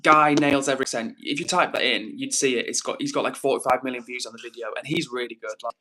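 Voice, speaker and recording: Steady in tone but fast-talking, a young livestream host with a medium-pitched, pushed and bright voice chats casually and upbeat, reading his viewers' comments aloud.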